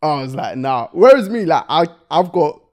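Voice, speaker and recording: A man's voice: a little high, moderate pace. Guy on a podcast, slangy, voice jumps all over while he tells a story. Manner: animated storytelling with London slang. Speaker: podcast co-host. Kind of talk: casual chat.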